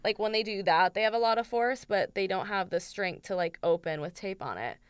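A woman's voice: mid-range voice, a little fast, clean tone, dry recording, studio quality. A woman hosting a podcast, chatting casually in a blunt, joking way with casual swearing. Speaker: podcast host. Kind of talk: casual chat.

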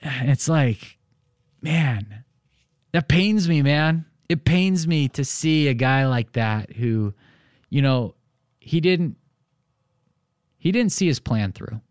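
In a studio-quality recording with no echo, a real estate podcast host talks slowly in a mid-range voice, leaving long pauses. Speaking alone in a casual monologue, he tells animated stories and drops in "you know" again and again.

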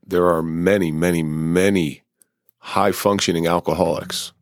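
Very deep-voiced man in casual talk. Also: steady tone, measured pace, no echo, studio quality. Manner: chimes in with brief remarks. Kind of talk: casual interview chat.

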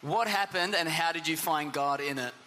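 A man's voice: fairly high pitch, moderate pace, bright, forceful tone, a little hiss or hum. A man hosting an interview, asking questions in an upbeat way and laughing often. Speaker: interview host. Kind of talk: casual interview.

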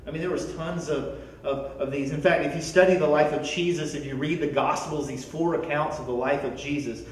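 A man preaches a sermon in a lively, animated way, doubling words as he launches each thought. His slightly high voice carries across a very echoey room from some distance off the mic. A faint hiss sits underneath. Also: a little fast. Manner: animated, repeats words when starting sentences. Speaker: pastor.

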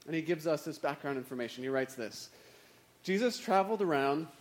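Man, conversational sermon, wry humor, slightly high voice. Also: animated, fairly quick. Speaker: preacher.

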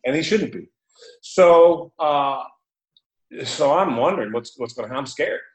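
A man telling a story in an animated, chatty way, laughing often and using many fillers. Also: on the high side, moderate pace. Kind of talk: casual storytelling. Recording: roomy echo.

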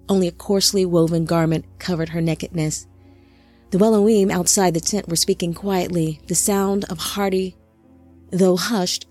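Low-voiced woman narrating slowly. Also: a little mellow. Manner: slow, deliberate, measured reading. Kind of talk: scripted audiobook narration.

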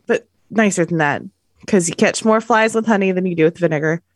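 A woman's voice: fairly low pitch, fairly quick, dry recording. Sick-voiced woman, dry teasing. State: sick, rough voice. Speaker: podcast co-host. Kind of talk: casual chat.

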